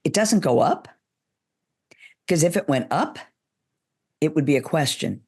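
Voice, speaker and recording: A woman who coaches public speaking, giving measured, deliberate advice in an interview and demonstrating pitch shifts as she talks. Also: expressive, warm tone, slightly rough.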